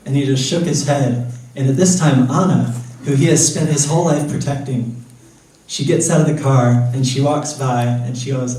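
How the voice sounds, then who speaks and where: A man on stage telling a wry, slow anecdote between songs while the audience laughs. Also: mid-range voice, fairly even intonation, dark tone, far from the mic, a little hiss or hum. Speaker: singer-songwriter. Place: live concert venue. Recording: very echoey venue recording from afar.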